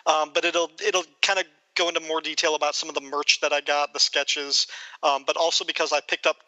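A man hosting a podcast, chatting casually in a relaxed, rambling way with fillers. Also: a little high, a little fast, no echo, poor audio. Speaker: podcast host.

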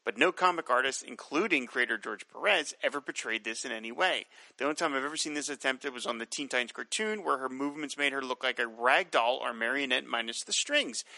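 A man co-hosting a casual podcast, reading listener mail with relaxed, dry jokes. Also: medium pitch, a little fast, creaky, few pauses, no echo, rough recording. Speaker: podcast co-host.

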